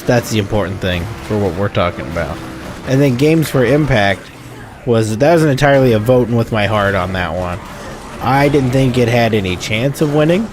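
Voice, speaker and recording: Over some background noise, a man with a medium-pitched voice narrates a let's-play. He chats and rambles casually, fixing his own words as he goes.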